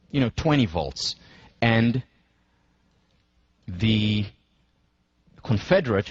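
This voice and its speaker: In a university lecture, a medium-pitched man speaks deliberately and emphatically, slowing down on key points and walking listeners through scenarios step by step. The audio is dull, with no room sound.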